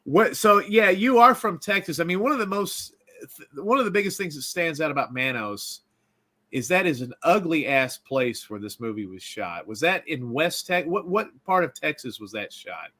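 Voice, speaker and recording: Tennessee-accented host, bright tone, loose joking rambler. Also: male voice, fairly high pitch, lively intonation, normal speed. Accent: East Tennessee. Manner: joking, rambling, self-deprecating. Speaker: podcast host. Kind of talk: casual comedic interview.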